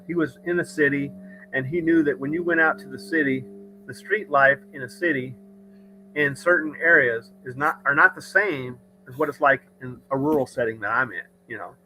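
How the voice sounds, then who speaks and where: A man with a fairly high, bright, forceful voice hosts a casual livestream. He talks in a rambling, opinionated way, restarting sentences as he goes. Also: moderate pace, soft background music, rough recording. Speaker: podcast host. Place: rural home studio.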